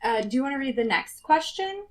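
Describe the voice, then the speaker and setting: A woman's voice: high voice, expressive, a little fast. A woman co-hosting a podcast, chatting in a laid-back way and talking to live viewers. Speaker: podcast co-host. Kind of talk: casual chat.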